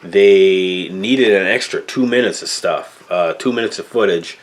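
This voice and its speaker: A man's voice: deep voice, unhurried, hardly any pauses. A man in his fifties from Canada with a Canadian accent, rambling loosely through a casual movie talk, full of fillers and tag questions. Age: 50s. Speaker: movie reviewer.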